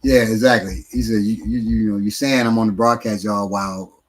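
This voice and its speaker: A man's voice: on the low side, fairly even intonation, normal speed, low-quality recording. A man teaching martial arts on a casual live stream, answering questions in a blunt, streetwise way, sometimes swearing and often using fillers.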